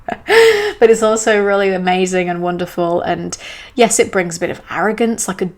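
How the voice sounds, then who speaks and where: A woman's voice: mid-range voice, animated, normal speed. A woman hosting a solo astrology podcast, talking in a chatty, enthusiastic way with self-aware asides.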